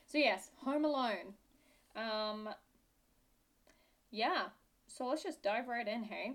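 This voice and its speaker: A woman's voice: on the high side, animated, slow pace. A young woman from Britain with a British accent that drifts toward Australian, co-hosting a podcast in casual, sarcastic, giggly chat. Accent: British English, drifting toward Australian. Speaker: podcast co-host.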